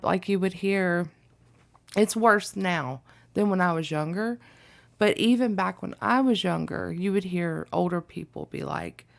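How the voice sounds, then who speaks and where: Young woman, reaction vlogger, gravelly fry, chatty and rambling. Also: medium pitch. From Alabama, USA. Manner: chatty and rambling, with many ums and likes. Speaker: reaction video host. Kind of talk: casual reaction vlog chat.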